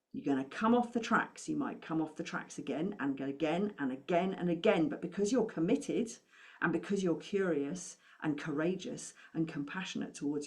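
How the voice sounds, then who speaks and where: Британская женщина, коуч по финансам, говорит ободряюще и задаёт слушателю вопросы; голос чуть ниже среднего. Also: female voice, sits low. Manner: encouraging, asks the listener many questions. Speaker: money coach. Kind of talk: motivational talk to camera.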